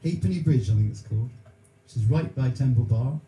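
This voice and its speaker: A man's voice: medium pitch, expressive, a little fast, mellow, reverberant, low-quality recording. Jokey man hosting a music stream. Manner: jokey, chatty storyteller. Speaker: musician and live stream host. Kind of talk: casual banter between songs.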